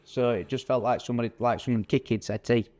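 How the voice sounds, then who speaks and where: A man, a guest giving brief, halting replies in casual chat. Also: medium pitch, fairly even intonation, a little mellow.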